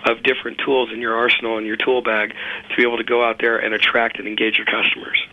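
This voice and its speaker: A man appearing as a company chief on a talk radio show, explaining in a steady, businesslike manner. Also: mid-range voice, fast talker. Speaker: guest, company CEO. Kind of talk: casual talk radio interview. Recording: slightly dull, lo-fi radio audio.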